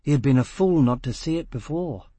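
A man narrating a novel in a measured, dramatic voice with steady pauses. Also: medium pitch, no echo. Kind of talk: audiobook narration.

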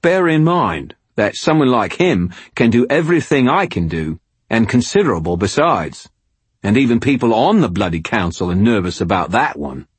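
A man doing a gruff mercenary. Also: fairly low pitch, very animated, normal speed, no echo, pitched above the performer's own voice. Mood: annoyed. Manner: annoyed, growling, swears constantly. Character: coarse, gruff British hired mercenary man.

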